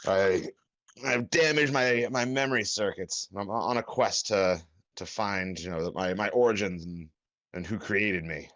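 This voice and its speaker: A grumbling robot adventurer with damaged memory circuits, talking in stiff, formal courtesies, as a man voices him at the game table. His voice sits very low. It comes through a dry, slightly muffled home mic. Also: measured pace, fairly bright tone, no room sound. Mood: courtly. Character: grumpy amnesiac robot adventurer, male.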